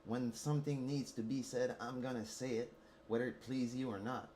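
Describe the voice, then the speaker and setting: A man's voice: mid-range voice, fairly even intonation, normal speed, warm tone, slight background noise. A man with a Quebec French accent, ranting heatedly and profanely at a teammate while streaming a mobile game. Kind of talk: angry rant while streaming gameplay.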